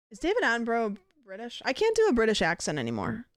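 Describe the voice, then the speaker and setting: Woman, livestreamer, casual gaming chat, sweary, lively pitch, dry close mic. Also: fast talker, no room sound. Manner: chatty and animated, swears freely.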